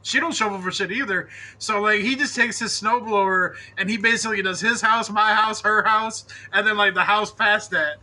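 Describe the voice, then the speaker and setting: A man's voice: sits high, fairly even intonation, normal speed, few pauses, sharp tone. A man on a podcast in loose, profane, self-mocking casual chat. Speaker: podcast co-host.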